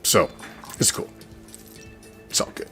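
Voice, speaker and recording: A man's voice: slow, bright, forceful tone, faint music behind. A man hosting a fan show, ranting in a heated, profane, repetitive way. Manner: profane, heated, repeats himself. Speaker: podcast host, sports fan. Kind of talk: unscripted fan rant.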